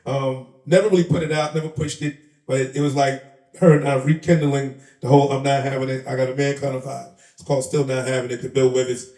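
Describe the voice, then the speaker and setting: A man's voice: mid-range voice, flat delivery, fast talker, mellow. A man, telling stories in a casual interview, streetwise and laughing, acting out the voices of the people in them. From the Bronx, New York. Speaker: interview guest, rapper and comedian. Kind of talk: animated storytelling in casual chat. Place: live event in a shop. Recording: roomy sound, a bit far from the mic.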